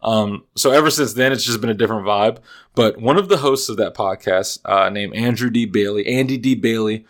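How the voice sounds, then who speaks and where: A young man with a fairly low voice speaks briskly as host of a casual sports podcast. He rambles, restarts his sentences, and drops sarcastic asides.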